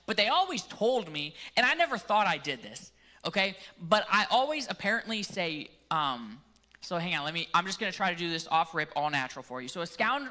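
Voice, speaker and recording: Male pastor with a Canadian accent, bright and forceful, relaxed and jokey in the pulpit. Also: high-pitched, brisk. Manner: casual, joking asides. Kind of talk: sermon.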